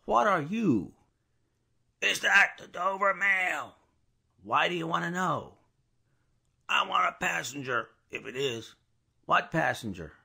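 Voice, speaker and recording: A man voicing a gruff, suspicious male coach guard who bellows his challenges. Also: a little high, big pitch swings, unhurried, pitched above the performer's own voice, full character voice. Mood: shouting, wary. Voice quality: gruff, loud, blustering.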